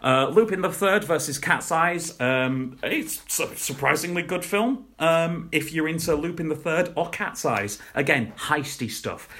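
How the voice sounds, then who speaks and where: A man's voice: on the high side, lively intonation, unhurried, few pauses, a bit bright. A young man co-hosting a podcast, chatting casually and rambling about shows, laughing at his own jokes. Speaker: podcast co-host. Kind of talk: casual chat reviewing shows.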